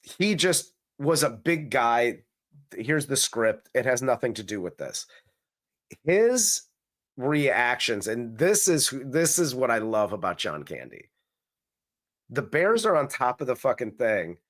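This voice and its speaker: A man co-hosting a comedy movie review podcast, talking at a steady middle pitch. He chats casually and swears a lot. He gets animated as he acts out his favorite scenes. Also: takes it slowly. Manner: profane, animated retelling of scenes. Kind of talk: casual chat.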